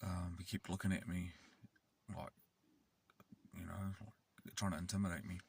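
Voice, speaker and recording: A man's voice: low voice, little pitch movement, normal speed, vocal fry, slightly rough, distant mic. A man, rambling and swearing as he tells a casual story in a car. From New Zealand. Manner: rambling, sweary, with many fillers. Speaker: vlogger. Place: inside a car.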